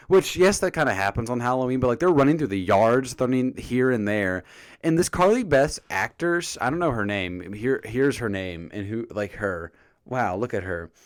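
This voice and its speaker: A man casually reviewing a TV episode for his vlog, jokey and animated, often acting out the characters' lines. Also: medium pitch, no echo.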